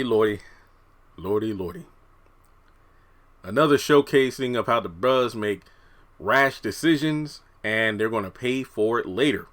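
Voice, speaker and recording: A man's voice: medium pitch, pushed and bright. A man giving casual, rambling commentary as a TV review YouTuber, slightly out of breath in a hot room with the fans switched off. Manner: rambling, conversational, many fillers.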